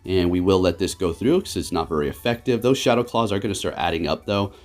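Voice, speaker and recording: A man hosting his gaming channel, giving excitable live commentary on his matches that swings quickly between frustration and laughter. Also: low-pitched, faint music behind.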